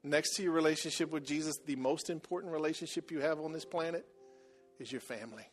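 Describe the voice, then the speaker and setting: Man, middle-aged, preacher, sermon, slightly high voice, quiet to loud swells, faint music behind. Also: fast. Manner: swings from quiet confessional murmur to loud building exhortation.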